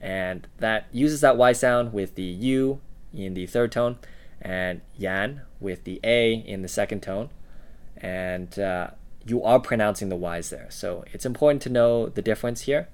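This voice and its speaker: A man co-hosting a language-learning podcast, explaining words in a relaxed way with fillers. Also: on the low side, a little slow, clean tone. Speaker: podcast co-host. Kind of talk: casual language lesson podcast.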